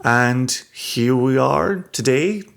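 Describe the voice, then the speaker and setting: Mid-pitched teasing podcast co-host man. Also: expressive, slow, creaky. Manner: teasing, reflective. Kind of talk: casual podcast chat.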